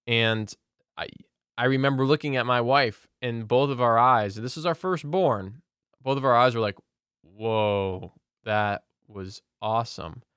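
A man's voice: mid-range voice, moderate pace, fairly bright tone, clean tone, no echo, clean studio sound. A man earnestly sharing a personal faith testimony in casual conversation, often restarting his sentences.

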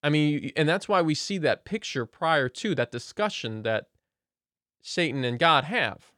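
A man's voice: on the high side, expressive, a little slow, fairly bright tone, no room sound, clean studio sound. Earnest man telling a faith story. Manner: earnest, conversational, frequent restarts. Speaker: guest sharing faith testimony. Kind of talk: casual storytelling testimony.

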